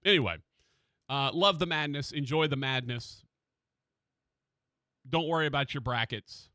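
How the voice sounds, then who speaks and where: A man hosting a sports radio show in a studio, chatting casually and excitedly about college basketball. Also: mid-range voice, measured pace, no echo.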